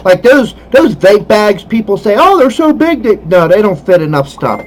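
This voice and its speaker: A man's voice: high voice, very animated, moderate pace, rough recording. A man talking easily in a casual chat, calling himself an enthusiast and sharing his habits. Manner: chatty, self-described enthusiast. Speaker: podcast host.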